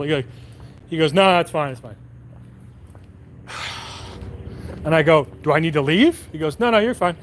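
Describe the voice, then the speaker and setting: A man streaming from his phone while out walking, telling a rambling, profane story with animated quoted voices. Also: on the high side, measured pace, long pauses, a little hiss or hum.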